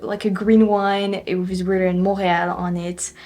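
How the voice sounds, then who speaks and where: A woman's voice: on the low side, little pitch movement, moderate pace, darkish tone, faint music behind. A young woman from France speaking English with a French accent, chatting casually to her viewers about her trip, with frequent laughs and lots of fillers and restarts. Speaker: travel vlogger. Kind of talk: casual chat to camera.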